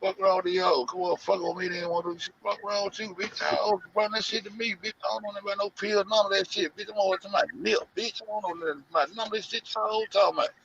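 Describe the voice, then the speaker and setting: Man, gravelly, mocking, profane rant, muffled lo-fi audio. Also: sits high, steady tone, fast talker, hardly any pauses, slight background noise. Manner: loud, profane, heavy slang, mocking. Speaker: show host. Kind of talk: profane rant to an online audience.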